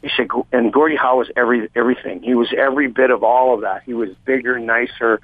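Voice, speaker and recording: A man's voice: medium pitch, steady tone, quick pace, dry recording. A man on a phone interview, telling a long, heartfelt personal story in a rambling way with many restarts. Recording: tinny dry phone line.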